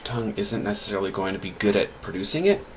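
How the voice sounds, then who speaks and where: Low-voiced man, rambling and hesitant. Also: animated, fast talker, slight background noise, low-quality recording. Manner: rambling, hesitant, many fillers and restarts. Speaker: language learner giving tips. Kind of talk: casual vlog talk.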